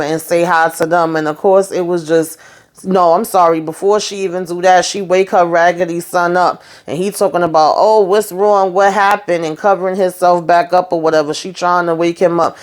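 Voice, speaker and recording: A woman with a lowish, darkish voice recaps a TV episode casually, frank and outspoken, with plenty of swearing and brief impressions of the characters as she retells the scenes.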